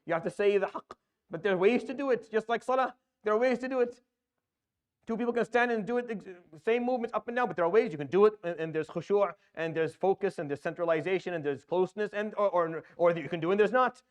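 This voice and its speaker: A man giving an earnest religious lecture, repeating words as he builds his points and dropping in Arabic terms. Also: on the high side. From Canada. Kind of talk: recorded lecture.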